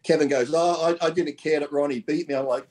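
A man telling rough, profane anecdotes in a casual chat, laughing as he goes. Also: fairly high pitch, steady tone, fast, darkish tone. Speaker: bodybuilder telling stories.

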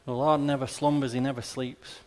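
Pastor preaching conversationally. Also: male voice, medium pitch, flat delivery, brisk, darkish tone. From Australia. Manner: conversational preaching with rhetorical questions and asides. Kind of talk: sermon.

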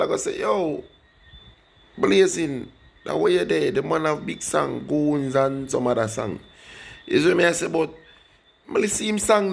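A man's voice: fairly high pitch, vocal fry. A young man with a Jamaican accent, rambling casually in patois as he reviews a song for his viewers. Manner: rambling, animated, speaks in patois, addresses viewers. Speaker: music reaction vlogger.

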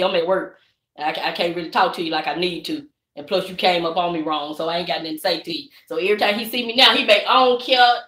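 A woman's voice: mid-range voice, pushed and bright. A woman chatting on a live stream, easygoing and preachy, calling her viewers baby and y'all. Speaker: vlogger hosting a live stream. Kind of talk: casual live-stream chat. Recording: echoey room.

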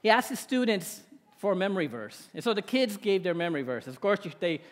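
A man's voice: sits high, very animated, quick pace, in a large hall. A male pastor preaching a sermon in a conversational way, often checking in with "right?". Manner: conversational, with tag questions.

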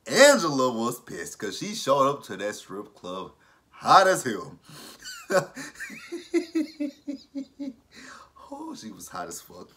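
Bright-voiced man casually recapping reality TV. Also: mid-range voice, unhurried, a little hiss or hum. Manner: animated, profane, laughs often.

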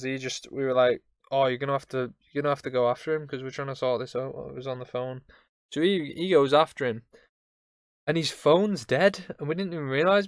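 A young man tells a messy travel story on his podcast, rambling through it with fillers and restarts. His voice is smooth and clear, recorded close and dry. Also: medium pitch, no room sound. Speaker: podcast host. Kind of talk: casual storytelling.

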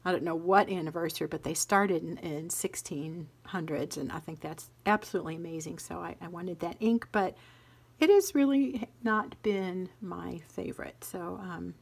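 A woman reviewing notebooks and fountain pens in a chatty, musing way, often trailing off into soft whispers. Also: on the low side, normal speed, creaky, husky. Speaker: stationery vlogger. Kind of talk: casual show-and-tell review.

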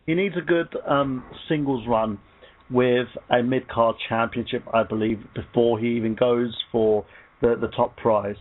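A man on a radio panel giving measured, analytical opinions in casual talk. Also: medium pitch, fairly even intonation. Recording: phone-line audio.

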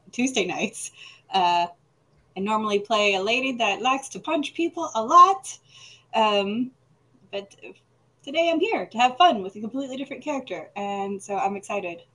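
A woman's voice: medium pitch, fairly bright tone. A woman introducing herself as a player on a game stream, bubbly and rambling. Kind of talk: casual chat.

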